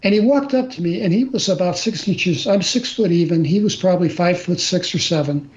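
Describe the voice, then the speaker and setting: Speaking a little fast in a high, slightly mellow voice, an older guest storyteller recounts something personal in a plain, earnest way, frequently restarting and filling pauses. The recording sounds slightly dull, with faint noise.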